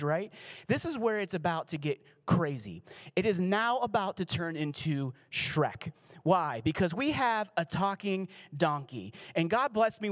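A man giving a sermon as pastor, reading scripture and adding casual, joking asides. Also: sits high.

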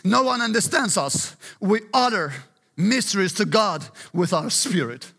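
A man's voice: high voice, lively intonation, measured pace, creaky, pushed and bright, husky, long reverb tail. A middle-aged male pastor preaching an emphatic sermon, often urging listen and praise God.

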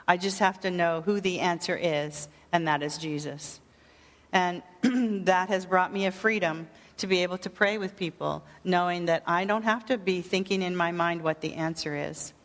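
A woman teaching a sermon on prayer ministry, speaking earnestly and gently with frequent fillers. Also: lowish voice, long reverb tail.

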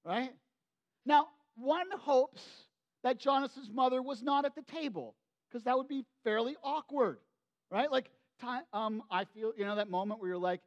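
A man preaching a sermon, retelling a Bible story in an animated, conversational way with frequent asides to the congregation. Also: very high voice, measured pace. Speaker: pastor.

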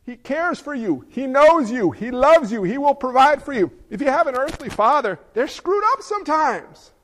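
High-voiced animated male preacher. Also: normal speed, big-room sound. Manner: animated, conversational preaching with asides to the congregation. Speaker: pastor. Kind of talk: sermon.

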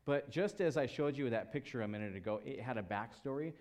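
A man's voice: medium pitch, fairly quick. A man in his thirties preaching a sermon as pastor, telling a story and acting out the people in it. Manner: storytelling, animated voices for quoted people.

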